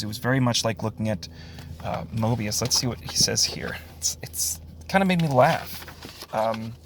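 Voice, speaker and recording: A man's voice: mid-range voice, slight background noise. A man giving a casual spoken review of a comic book, sarcastic, with frequent sighs, short laughs and fillers.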